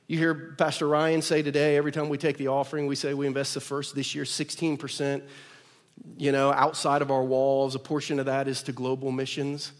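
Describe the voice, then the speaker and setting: A pastor preaching a sermon, shifting between loud emphatic declarations and soft quiet asides. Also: male voice, mid-range voice, level tone, fairly quick, big-room sound. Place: church auditorium.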